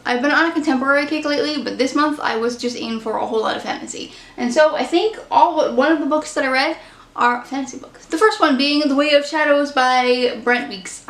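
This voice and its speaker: A woman's voice: sits high, fairly quick, a bit bright, reverberant. A woman casually chatting through her monthly book reviews, candid and opinionated. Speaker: book vlogger.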